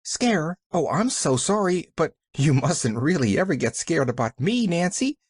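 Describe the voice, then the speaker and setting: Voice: mid-range voice, sing-song, unhurried, breathy edge, no room sound, pitched above the performer's own voice. A reader voicing a cheerful, earnest little girl who chatters eagerly.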